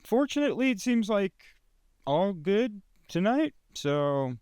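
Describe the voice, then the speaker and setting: A man's voice: high-pitched, big pitch swings, measured pace, a little mellow, clear, resonant tone. A man co-hosting a podcast in casual sports chat, hesitant and restarting often.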